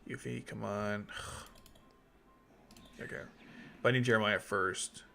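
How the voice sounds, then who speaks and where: A man's voice: fairly low pitch, steady tone, slow, creaky, sharp tone, soft background music. A man hosting casual gaming commentary, exclaiming in frustration as his voice cracks. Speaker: YouTube host.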